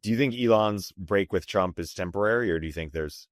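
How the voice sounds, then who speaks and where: Deep voiced podcast host, quiet question, sounds far from the mic, dry. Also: male voice, brisk, no echo. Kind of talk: interview questions.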